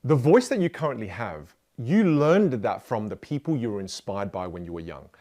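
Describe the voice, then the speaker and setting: A man's voice: mid-range voice, big pitch swings, normal speed, dark tone. A man teaching a motivational communication lesson, speaking playfully and directly to the listener. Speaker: communication coach.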